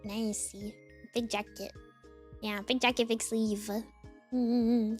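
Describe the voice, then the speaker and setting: Young streamer girl, pretty high voice, rambly with tons of "like"s, faint music behind. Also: slow. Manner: rambling, many "like" fillers, lively swings. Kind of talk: casual chat with chat readers.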